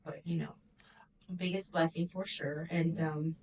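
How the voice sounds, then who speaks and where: A woman in her thirties with a Texan accent, speaking earnestly in casual conversation and laughing softly now and then. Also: sits low, little pitch movement, measured pace. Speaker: mother, podcast guest. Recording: slightly distant mic with faint background noise.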